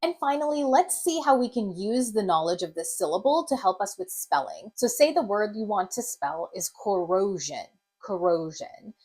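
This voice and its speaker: A woman gives a reading lesson at a mid pitch. She walks through long words step by step and sounds out each syllable slowly and deliberately. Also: sing-song, darkish tone, slightly rough. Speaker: reading teacher. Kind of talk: instructional video lesson.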